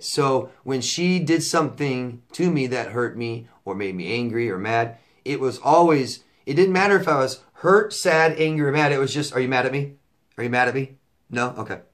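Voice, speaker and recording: A middle-aged man coaching viewers in a casual advice monologue, blunt and repetitive, swearing when riled up. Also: medium pitch. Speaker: relationship coach answering viewer questions.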